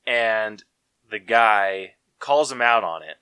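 Male podcast co-host, unhurried slangy rambler, dry close mic. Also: lowish voice, expressive, sharp tone, clear, resonant tone, dry recording. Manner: rambling, laid-back, full of fillers and slang. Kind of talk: casual chat.

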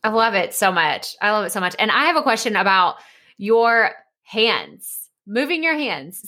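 A woman podcast host speaks in a chatty, enthusiastic way. Her voice sits a little high and sounds very bright. She is talking casually over a video call. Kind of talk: casual interview chat.

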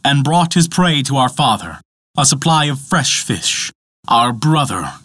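A man voices an aggrieved young son of a farmer, earnest and accusing in a myth telling. His tone is lively, recorded dry and close. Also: medium pitch, measured pace, slightly rough, no room sound, heavily acted. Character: young man Fafnir, grieving angry son.

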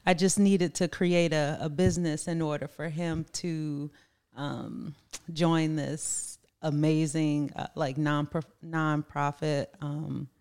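A woman's voice: sits low, steady tone, slow, darkish tone, clean tone. A woman guest on a podcast, talking casually and hesitantly with many fillers and restarts. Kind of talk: casual chat.

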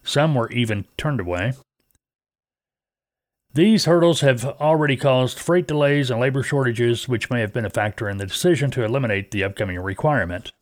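A man's voice: medium pitch, fairly quick, no echo, studio quality. A man hosting a trucking podcast, talking casually in a folksy, rambling way with many fillers and restarts.

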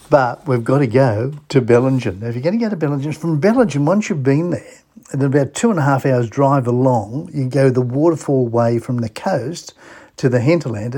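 Husky, enthusiastic Australian man. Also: mid-range voice, dark tone. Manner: enthusiastic, full of rhetorical questions. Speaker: radio host. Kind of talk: chatty travel radio talk.

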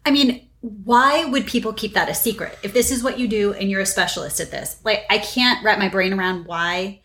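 A woman interviewer with an ordinary mid-range voice asks her guest engaged, curious questions. Her talk is relaxed and conversational. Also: medium pitch, normal speed.

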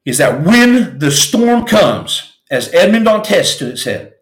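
An intense male podcast host preaching about getting back up after hard times, his pitch sitting a little high and swinging widely as he pushes each point. He talks with raw feeling and a sermon-like drive. The room around him rings with a noticeable echo. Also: very animated, slow pace. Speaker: podcast host, former Navy SEAL. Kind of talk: impassioned motivational storytelling.

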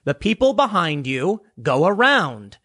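Lively high-voiced sarcastic male commentator. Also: a little slow. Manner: sarcastic, dismissive, blunt. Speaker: political commentator. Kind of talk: casual opinion rant.

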